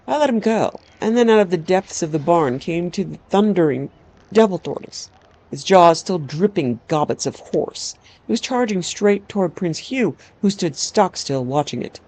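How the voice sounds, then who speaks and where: A woman's voice: lowish voice, expressive, normal speed, a little mellow. A woman narrating a first-person story aloud in a wry, dramatic storytelling manner. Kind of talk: storybook reading.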